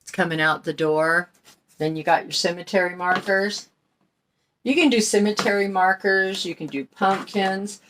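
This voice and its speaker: A woman's voice: mid-range voice, fairly even intonation, normal speed, a bit bright. A middle-aged woman hosting a crafting channel, chatting in a folksy way while she paints and explains each step. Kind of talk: casual craft tutorial talk.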